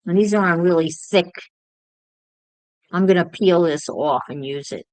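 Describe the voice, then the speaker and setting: Slow, musing woman crafting on a livestream. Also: fairly low pitch, a little mellow, no echo, rough recording. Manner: musing aloud, chatting to viewers. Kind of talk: casual chat while crafting.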